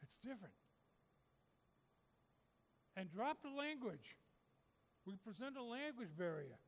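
A man's voice: extremely high pitch, big pitch swings, unhurried, creaky, long reverb tail. A man preaching a sermon, urging his listeners with repeated, rising calls. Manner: repetitive, rising exhortation.

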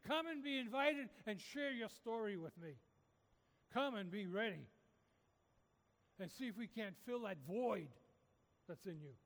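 A man's voice: high voice, expressive, measured pace, pauses often, fairly bright tone, in a large hall. A man preaching a sermon, urging his listeners with repeated, rising calls. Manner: repetitive, rising exhortation.

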